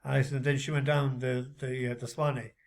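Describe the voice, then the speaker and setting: A man chatting casually in a vlog as a horse racing tipster, rambling with lots of halting fillers. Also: mid-range voice, level tone.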